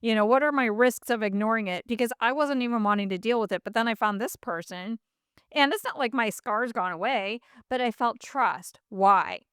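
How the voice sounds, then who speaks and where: Animated woman podcast host telling a story. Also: a little high, a little fast, clean tone, dry recording, studio quality. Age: middle-aged. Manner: animated, acts out quoted voices, many fillers. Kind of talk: casual storytelling in an interview.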